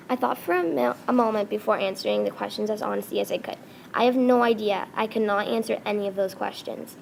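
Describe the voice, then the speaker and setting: A woman reading a first-person story aloud, halting and often restarting words. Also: medium pitch, vocal fry, a little hiss or hum. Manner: halting, with frequent restarts and self-corrections.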